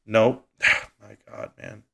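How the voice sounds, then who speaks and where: A man's voice: takes it slowly, highs cut off. A man hosting a casual live stream, rambling animatedly and answering his chat as he goes.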